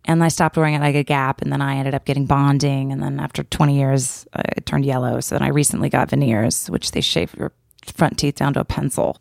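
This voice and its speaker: Woman co-host with a low gravelly voice, dry studio sound, deadpan self-mocking delivery. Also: fairly quick, hardly any pauses, no room sound. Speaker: podcast co-host. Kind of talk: casual comedic chat.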